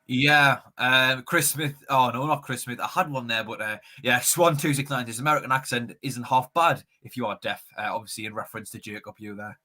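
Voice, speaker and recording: Quick, bright-voiced lad. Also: male voice, medium pitch, steady tone. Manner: chatty and upbeat, stumbles and repeats words. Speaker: fan channel host reading the live chat. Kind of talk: casual live-stream chat.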